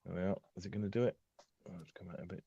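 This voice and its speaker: A man with a lowish voice chats on a live stream, rambling through fillers and breaking into laughs. His call audio is dry and a little dull, with no room sound at all. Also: steady tone, rapid-fire, creaky, mellow, slightly rough, no room sound. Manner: chatty, laughs often, many fillers. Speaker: co-host. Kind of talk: casual live-stream chat.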